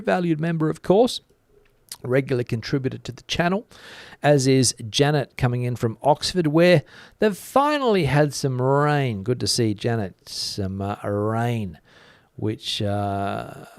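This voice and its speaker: A man hosting a live stream, chatting easily as he reads out and answers viewer comments, with plenty of "uh" pauses along the way. His voice is smooth and clear, recorded close and dry with no room sound. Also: mid-range voice, darkish tone, no room sound. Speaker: channel host. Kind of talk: live-stream chat reading.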